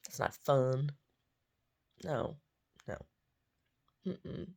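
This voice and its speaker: A woman's voice: rumbling low, extremely slow, creaky, a little mellow, breathy edge. A woman who paints, chatting casually to camera in a rambling way, often repeating herself. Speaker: painter vlogging her day. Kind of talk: casual chat.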